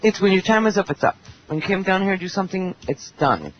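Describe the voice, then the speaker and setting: A woman panelist with a mid-range voice talks at a quick pace over soft background music, chatting bluntly and at length on a casual roundtable talk show. She quotes others in animated voices, and the audio is dull internet radio with faint hiss.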